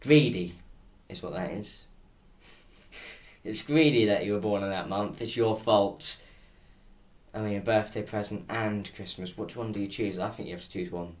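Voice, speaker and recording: A man's voice: fairly low pitch, unhurried. A British man hosting a solo podcast, ranting with sarcasm and frequent swearing. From United Kingdom. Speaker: podcast host. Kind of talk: casual solo podcast rant.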